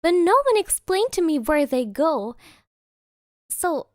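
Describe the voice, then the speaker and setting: A woman's voice: sits high, expressive, takes it slowly, darkish tone, dry recording, studio quality. A young woman VTuber streamer from Germany, telling a story in casual chat, giggling mid-sentence and dropping Japanese interjections.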